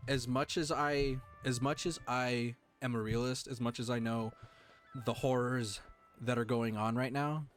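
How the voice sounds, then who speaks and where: Man, live streamer, earnest, emotional, halting restarts, mid-range pitch, faint music behind. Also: steady tone. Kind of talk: heartfelt live-stream talk to chat.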